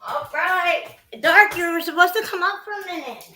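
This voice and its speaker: A woman's voice: extremely high pitch, normal speed, bright, forceful tone, echoey room, soft background music. Chatty woman streaming from home. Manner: chatty, loose and profane. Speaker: livestream host. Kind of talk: casual livestream chat. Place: at home indoors.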